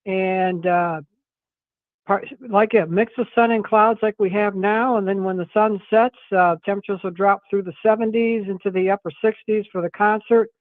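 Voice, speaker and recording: A man's voice: high-pitched, steady tone, normal speed, no echo. A man giving a chatty, easygoing radio weather forecast by phone. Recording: tinny phone line.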